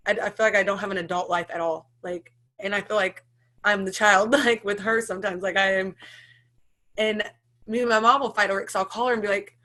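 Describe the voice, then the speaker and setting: An American woman in her thirties tells her personal story as an interviewee, her medium-pitched, fairly bright voice moving at a moderate pace with fairly even intonation. It comes out emotional and rambling, with many restarts and nervous laughs.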